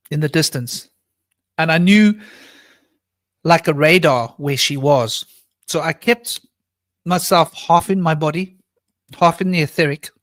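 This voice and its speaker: A man tells a long personal story on a live panel call, slipping into other voices for quoted lines. His voice sits fairly high. The sound is dry and close, with no room echo. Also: a bit bright. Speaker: panel guest.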